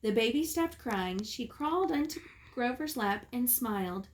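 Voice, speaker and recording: A woman teacher reading a picture book aloud to children in a calm, clear way. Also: on the high side, normal speed, a little hiss or hum. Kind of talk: storybook read-aloud.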